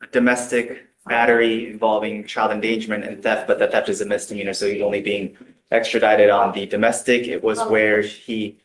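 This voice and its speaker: A man speaking as a prosecutor in court, formal and procedural, pausing on fillers as he reads out a case. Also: lowish voice. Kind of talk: courtroom argument. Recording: roomy courtroom with people around.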